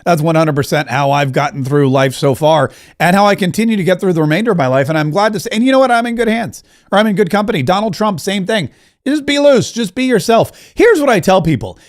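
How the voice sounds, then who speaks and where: High-voiced sarcastic male podcast host. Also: animated, quick pace, few pauses. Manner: sarcastic, joking, digressive. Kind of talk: political commentary podcast.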